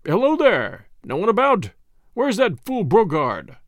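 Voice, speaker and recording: A man's voice: high-pitched, huge pitch swings, a little slow, dry recording, clean studio sound, exaggerated voice. A man doing a drawling, foppish nobleman. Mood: jovial. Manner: drawling, affected.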